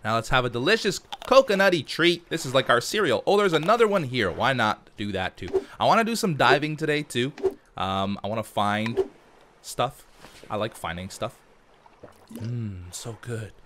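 Playing a survival game, this male let's play host chats through every move and jokes to himself in a playful, unscripted way. His voice swings through big pitch changes as he reacts, at a moderate pace. There's noticeable background noise.

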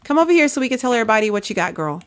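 Fast and sing-song, her fairly high voice carries casual gameplay commentary. The woman, a gaming video creator, chats away to viewers, calls them "y'all," and both urges on and scolds the characters in her game.

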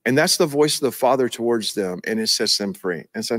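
A man's voice: medium pitch, normal speed, few pauses, a bit bright, dry recording. Male pastor in live Q&A, emphatic and emotional, dry close mic. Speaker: pastor and ministry leader. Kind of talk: live Q&A preaching.

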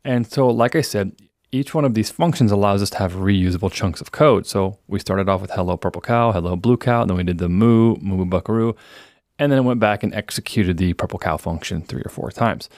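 Low-voiced male instructor, casual walkthrough of code on screen, dry close-mic sound. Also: a little fast, darkish tone, no room sound. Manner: casual explanatory, reads program output aloud. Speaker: programming instructor. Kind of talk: screencast coding lesson.

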